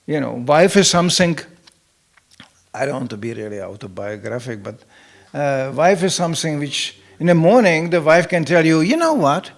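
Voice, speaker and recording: A middle-aged man, a temple president, giving a humorous scripture lecture in a temple hall as an animated storyteller who acts out the voices he quotes. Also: fairly high pitch, moderate pace, creaky.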